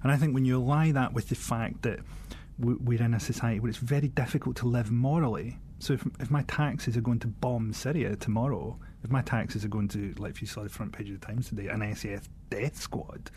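A comedian speaking as a podcast guest, dry and sardonic in casual conversation, with the odd swear word. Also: male voice, medium pitch, steady tone, fairly quick, hardly any pauses, a little mellow, slight background noise.

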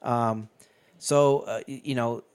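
A man's voice: medium pitch, steady tone, slow, clean tone. A man in casual chat, retelling a movie scene by scene and acting out the characters' lines with profanity.

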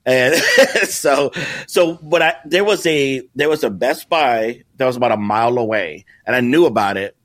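A middle-aged man from the Chicago area, a podcast guest telling a story. He talks in a casual, animated way, acting out the people he quotes and often restarting his sentences. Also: medium pitch, normal speed, dry recording. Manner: animated, acts out quoted voices, many restarts. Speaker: guest, content creator.

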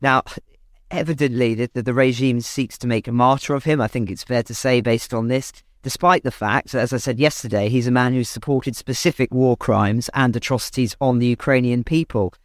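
A man's voice: medium pitch, fairly even intonation, brisk, dry recording. Man co-presenter for news analysis, hesitant, lots of self-corrections, dry close sound. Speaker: podcast co-presenter.

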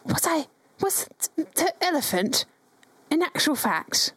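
A woman's voice: sits high, very animated, a little slow, a bit bright, no room sound. A woman with a Cockney accent voicing a rogue in a tabletop game, giggly and hesitant. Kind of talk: in-character role-play.

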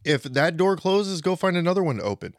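Forties guy on a podcast, lively storyteller, dry close mic. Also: sits high, a little fast, no echo. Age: 40s. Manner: animated storytelling, acts out quoted people. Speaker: podcast co-host. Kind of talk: casual podcast chat.

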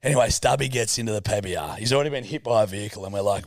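A man's voice: on the low side, rapid-fire, no echo, studio quality. A man in his thirties with an Australian accent, telling a rowdy story in casual chat, swearing freely and acting out the voices of the people in it. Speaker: podcast co-host.

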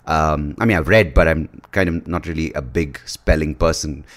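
Brief: man from India, deep voice, rambling podcast host, crude and jokey. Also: moderate pace. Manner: rambling, crude jokes, frequent swearing and laughter. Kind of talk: casual podcast chat.

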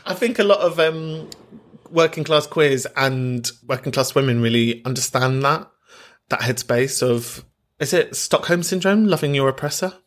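A man's voice: on the high side, animated, fairly bright tone, a little hiss or hum. A man hosting a podcast, talking openly and camply and laughing easily as he answers callers. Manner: candid, camp, quick to laugh. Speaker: podcast host. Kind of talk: casual chat.

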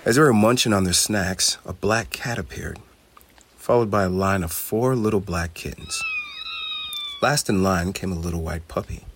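A man reading a children's storybook aloud in an expressive, steady way. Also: sits low, normal speed, slight background noise.

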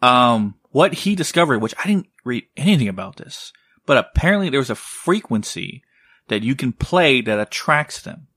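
A man co-hosting a podcast tells a story in a loose, rambling way. He swears freely and keeps tagging his sentences with "right?" His voice is bright and recorded dry and close. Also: medium pitch, very animated, normal speed, no room sound. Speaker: podcast co-host. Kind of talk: casual storytelling.

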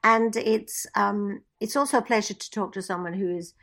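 A woman's voice: mid-range voice, moderate pace, a bit bright. A woman, a guest in a casual chat, talking in an effusive, gushing way and laughing easily. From Scotland.

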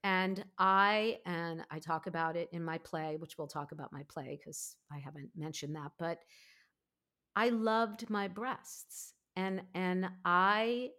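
A woman in her fifties, a podcast host, telling her own story in a candid, emphatic, animated way. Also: on the low side, takes it slowly. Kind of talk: candid conversational interview.

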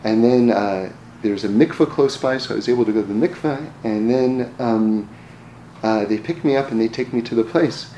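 Man, mid-pitched, relaxed storyteller who stumbles and restarts, recorded in a roomy space with faint background hum. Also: moderate pace. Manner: repeats words in restarts, chuckles at his own stories. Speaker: speaker telling personal stories. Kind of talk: casual storytelling talk. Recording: roomy echo, faint ambience.

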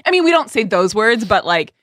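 Female comedy podcast co-host, animated and giggly, pitch that moves around a lot, dry close-mic. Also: brisk, no room sound. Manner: laughs often, animated, riffing. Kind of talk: casual comedic chat.

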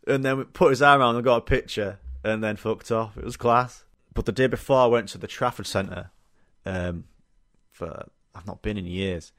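A man's voice: on the low side, normal speed, a bit bright, dry recording. Yorkshire bloke rambling on his podcast, lots of ums and swearing, dry close mic. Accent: Yorkshire English. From Yorkshire, England. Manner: rambling and chatty, frequent fillers and swearing. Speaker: podcast host. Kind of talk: casual storytelling chat.

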